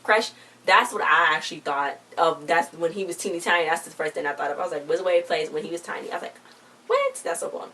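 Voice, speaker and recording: Low-voiced, sharp and rapid-fire, a young woman gives a casual TV episode review, rambling along and dropping into playful quoted voices. She's recorded on a distant mic with faint noise behind her.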